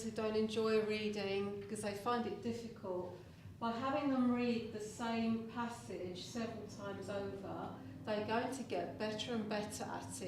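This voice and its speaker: A woman with a mid-range, darkish voice leads a conference workshop as a teacher-education lecturer in a large, roomy hall. She is practical and hands the audience step-by-step tasks. The recording is distant and roomy, with background noise.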